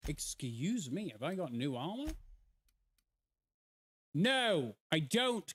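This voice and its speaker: A man's voice: on the high side, very animated, takes it slowly, long pauses, fairly bright tone, slightly rough. A man from England with an English accent, chatting casually and swearing as he answers chat during a live game stream.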